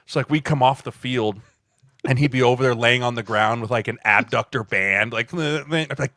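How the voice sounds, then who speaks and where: A man's voice: medium pitch, normal speed, bright, forceful tone, dry recording, clean studio sound. A man co-hosting a podcast, a former offensive lineman ranting in an exasperated way. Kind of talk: casual chat.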